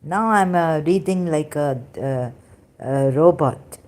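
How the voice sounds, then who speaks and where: Slow, low-voiced woman reading aloud. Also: a little mellow. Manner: slow, halting reading with asides and fillers. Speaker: religious commentary channel host.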